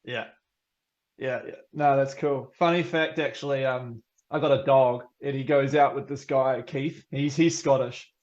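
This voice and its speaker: A man's voice: mid-range voice, fairly even intonation, unhurried, darkish tone, dull audio. Male, New Zealand accent, mid-range voice, loose and talkative podcast guest. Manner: chatty, laughs often, many fillers. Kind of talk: casual chat.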